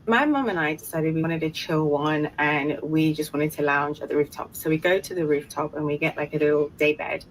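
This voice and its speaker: A woman's voice: sits low, a little fast, few pauses, a little hiss or hum, low-quality recording. A British woman telling a personal story to camera in an earnest, detailed way.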